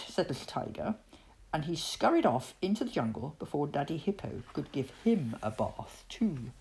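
A woman reading a children's picture book aloud, expressive and dramatic with pauses. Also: lowish voice, slightly rough. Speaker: storyteller.

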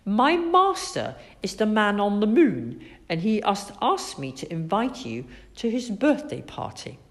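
A woman's voice: mid-range voice, wildly swooping pitch, measured pace. A woman voicing a mischievous male night creature who delivers an invitation, in an urgent, eager way. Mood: sly.

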